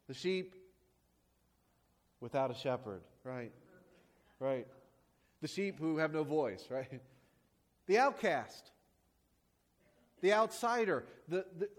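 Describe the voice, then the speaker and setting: A man preaching a sermon as a pastor, praying and then teaching with rhetorical questions and emphatic repetition. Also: sits high.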